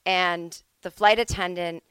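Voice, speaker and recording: A middle-aged woman hosting a comedy podcast from home, telling a rambling, self-deprecating story with lively asides. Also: fairly low pitch, measured pace, clean tone, dry recording. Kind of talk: casual comic storytelling.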